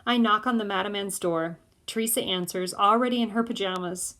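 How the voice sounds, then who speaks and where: A woman narrating an audiobook in the first person of a boy, in a measured way. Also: medium pitch, fairly bright tone.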